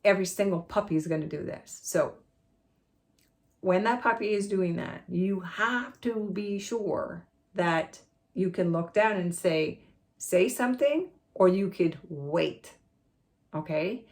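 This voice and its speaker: Middle-aged woman, dog trainer, lowish gravelly voice, emphatic and repetitive teaching style. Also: slow pace, a little mellow. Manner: emphatic, repeats words for stress, switches to high sing-song praise voice. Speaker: puppy trainer. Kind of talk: instructional talk to puppy owners.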